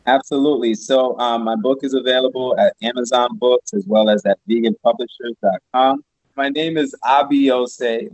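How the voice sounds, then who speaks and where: A man's voice: medium pitch, a little mellow, dry recording, low-quality recording. A man being interviewed as a guest author and poet, talking casually with many fillers and restarts.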